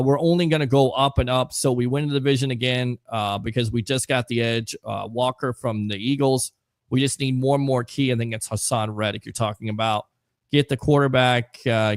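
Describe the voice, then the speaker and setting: A man's voice: medium pitch, dry recording. Chatty male sports talk host. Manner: chatty, reads viewer comments, fillers. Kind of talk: casual live call-in sports talk.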